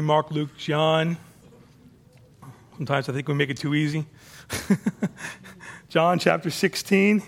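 Gravelly high-pitched male preacher. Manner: conversational preaching with repeated restarts. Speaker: pastor. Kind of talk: sermon.

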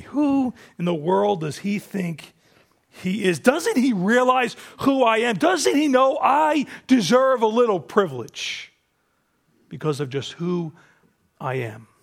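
A preacher voicing an indignant proud commander. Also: male voice, sits high, creaky, breathy edge, full character voice. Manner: outraged rhetorical questions. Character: proud, indignant ancient male army commander.

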